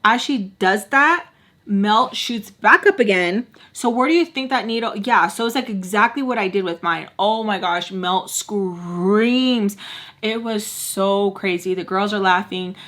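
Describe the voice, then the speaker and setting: A woman's voice: mid-range voice, moderate pace, a bit bright. A woman casually telling a story to her viewers as a vlogger, with lots of filler words, acting out the people in it. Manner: chatty, heavy on filler words.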